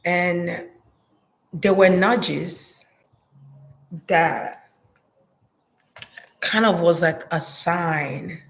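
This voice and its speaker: A woman's voice: lowish voice, drawn-out words, pauses often. A woman giving a psychic reading in a hesitant, murmuring way, repeating words and trailing off. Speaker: psychic reader. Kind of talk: intuitive reading monologue.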